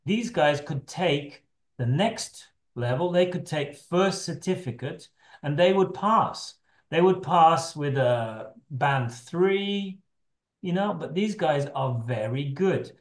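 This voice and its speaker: A man's voice: fairly high pitch, lively intonation, slow pace. A middle-aged man leading an online teacher training session, talking loosely with frequent restarts over a video call. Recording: echoey room on a video call.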